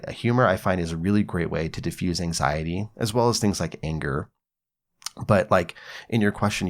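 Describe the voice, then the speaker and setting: This deep-voiced man runs a psychology podcast where he gives easygoing, conversational advice. He swears casually and acts out examples to make his points.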